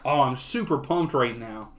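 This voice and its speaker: A young man hosting a soccer watch-along, giving casual live play-by-play that often turns excitable. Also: medium pitch, normal speed, background noise. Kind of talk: live match commentary.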